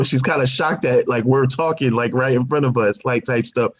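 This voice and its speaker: A man co-hosting a TV review show in casual chat, animated and laughing often, repeating himself as he talks. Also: medium pitch, normal speed. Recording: dull lo-fi audio.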